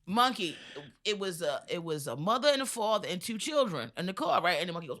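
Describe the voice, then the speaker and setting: A woman's voice: lowish voice, fast talker, few pauses. A woman comedian with an American accent, telling a long joke on a podcast and acting out every voice. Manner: animated storyteller, acts out voices and monkey noises. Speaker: comedian guest.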